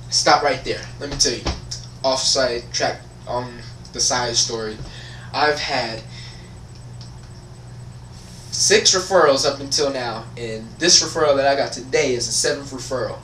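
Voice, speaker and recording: A man's voice: medium pitch, a little slow, pauses often, noisy background. A teenage boy telling a school story as a casual, profane, frustrated rant. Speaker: vlogger. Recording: echoey room, voice from far off.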